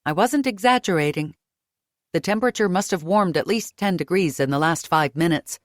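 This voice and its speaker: Woman audiobook narrator, lower voice, dry close recording, first-person storytelling. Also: normal speed, dry recording. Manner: lively, raising pitch for her own character's dialogue.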